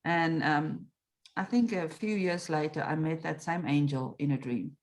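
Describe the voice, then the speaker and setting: A woman's voice: low-pitched, a little slow. A middle-aged woman, an interview guest telling a story and acting out her own reactions. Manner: animated, acts out her own past reactions and quotes. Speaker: meditation coach, interview guest.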